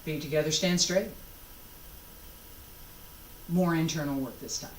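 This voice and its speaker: A woman leads a martial arts practice in a calm, deliberate way, counting out moves and correcting form. She speaks slowly, and her voice sits at a middle pitch. The recording is roomy and distant, with a faint hum of background noise. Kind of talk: class instruction with counted cues.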